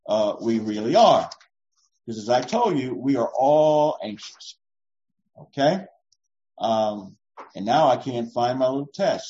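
An older male pastor delivers a folksy sermon, pitch rising and falling a lot. He jokes at his own expense and teases the congregation. The sound is dull and lo-fi. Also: a little mellow.

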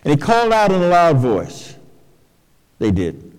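A man preaching a sermon, folksy and expressive, dropping to soft low phrases and jumping to high, emphatic ones. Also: a little slow, clear, resonant tone. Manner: folksy, colloquial asides. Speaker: pastor. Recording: long hall reverb.

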